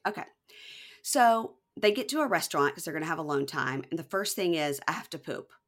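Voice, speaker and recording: A woman's voice: low voice, lively intonation, a little fast. A woman in her forties co-hosting a casual chat, recapping a reality show and acting out quotes in exaggerated voices. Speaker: podcast co-host.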